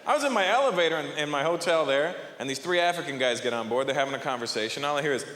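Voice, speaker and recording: A man performing a stand-up comedy set, animated and jumping between characters' voices. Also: on the high side, racing. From Canada. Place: large theater on stage. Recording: live hall reverb with audience.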